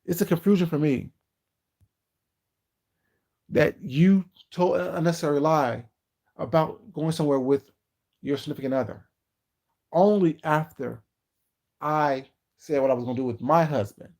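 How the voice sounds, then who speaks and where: A man's voice: a little high, vocal fry, a little mellow. Sassy, emphatic live-stream commentator man. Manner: sassy, emphatic, drawn-out rhetorical questions.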